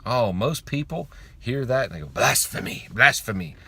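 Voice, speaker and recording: In a mid-range, sing-song voice at a moderate pace, a man speaks online about faith and money. His informal motivational monologue is blunt and emphatic, and he repeats lines for effect and swears casually.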